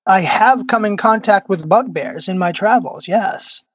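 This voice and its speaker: A player answers in character, measured and hesitant, choosing evasive words. The voice is mid-pitched and dry with no room sound. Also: husky, dry recording, low-quality recording. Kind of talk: in-character tabletop role-play.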